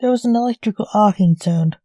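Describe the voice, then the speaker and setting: A woman narrating a sci-fi storybook in a steady, even reading. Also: medium pitch, a little fast, no echo.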